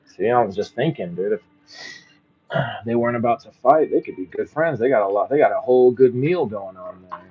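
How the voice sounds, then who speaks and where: A man's husky, mid-range voice carries lively intonation, though the audio is dull. Reading a bedtime story at a slow pace, he pauses here and there to reflect on it casually.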